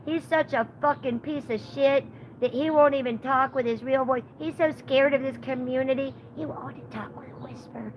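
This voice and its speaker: A woman mimicking a petty girl streamer who uses a squeaky cartoonish voice changer, in a sugary, mock-innocent way. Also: fairly even intonation, normal speed, slight background noise, natural voice, poor audio. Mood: snippy.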